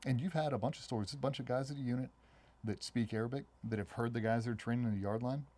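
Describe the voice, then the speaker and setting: A middle-aged man, a former special operations member, telling stories in a casual interview and acting out other people's voices in a much higher pitch. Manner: fast, animated storytelling, acts out quoted voices much higher. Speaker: guest, former Navy SEAL.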